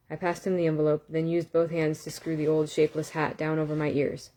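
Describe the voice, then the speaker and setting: Low-voiced woman reading a novel aloud. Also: quick pace. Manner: calm, with small self-corrections and asides. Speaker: audiobook reader.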